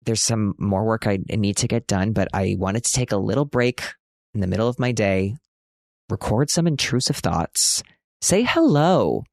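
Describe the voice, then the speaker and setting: A man in his thirties hosts a solo podcast, his voice sitting a bit low. He talks in an earnest, chatty way, full of "like" and little restarts. The sound is dry and close to the mic. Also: creaky, no room sound. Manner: earnest, chatty, lots of "like" fillers. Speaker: podcast host. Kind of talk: reflective solo podcast monologue.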